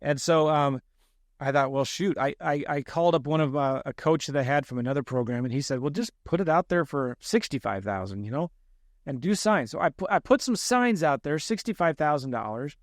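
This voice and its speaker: A man with a fairly high voice tells a story on a podcast, mocking his younger self and acting out the other people's lines. The sound is dry and close, with no room echo. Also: fairly quick. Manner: animated, self-deprecating storyteller who acts out quoted lines. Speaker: real estate investor guest.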